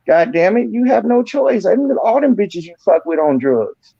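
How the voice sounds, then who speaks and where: A man's voice: high-pitched, big pitch swings, moderate pace, gravelly, mellow, slightly rough, dry recording, dull audio. A man hosting an online roast, ranting and mocking a rival with heavy cursing. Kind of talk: profane roast rant.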